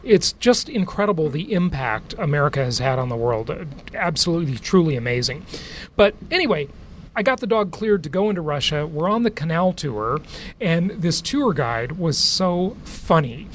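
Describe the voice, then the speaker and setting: A man's voice: a little high, sing-song, normal speed, slight background noise. A man hosting a podcast, telling a travel story in a chatty way and laughing often. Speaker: podcast host. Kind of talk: casual chat and interview.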